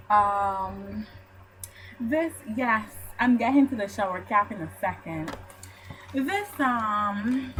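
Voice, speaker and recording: A young woman from Barbados with a Barbadian accent, telling a story to camera in a casual vlog with animated, mock-outraged ranting. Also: medium pitch, a little hiss or hum, low-quality recording. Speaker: vlogger.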